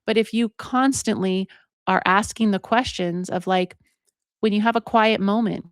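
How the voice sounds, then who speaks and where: Woman, 40s, podcast host; reflective personal monologue, casual and earnest, mid pitch, dry close recording. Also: moderate pace, clear, resonant tone, dry recording. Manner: conversational, heavy use of "like", earnest.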